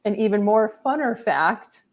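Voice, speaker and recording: A young woman chats casually as a podcast guest, giggling often and eagerly reeling off trivia. Her voice sits at an everyday middle pitch. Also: expressive, measured pace. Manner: chatty, giggly, shares trivia. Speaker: guest co-host.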